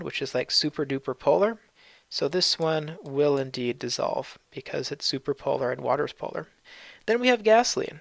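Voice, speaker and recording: A man's voice: a little high, vocal fry, dry recording. A man teaching chemistry in a casual recorded lecture, explaining with fillers and light jokes.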